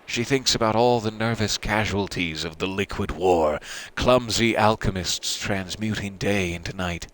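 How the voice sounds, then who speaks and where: Low-voiced man reading a game aloud. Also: a little slow, fairly bright tone, rough recording. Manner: dry, self-mocking humor. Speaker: let's play host.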